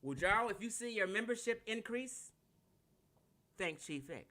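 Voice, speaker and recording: Man, Californian accent, brash, profane, combative livestream lecture, animated pitch. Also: moderate pace, slight background noise. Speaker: online lecturer.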